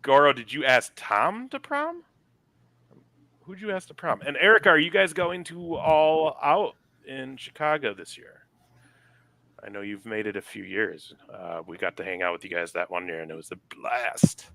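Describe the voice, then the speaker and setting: Man co-host, bright lively voice, playful teasing, dry sound. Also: mid-range voice, moderate pace, vocal fry, no room sound. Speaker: podcast co-host. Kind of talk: casual wrestling podcast banter.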